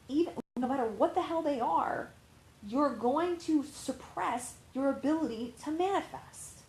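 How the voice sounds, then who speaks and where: A woman's voice: sits high, a little mellow, echoey room, rough recording. A woman life coach giving casual, candid advice, rambling and swearing freely with lots of fillers. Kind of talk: casual talking-to-camera advice.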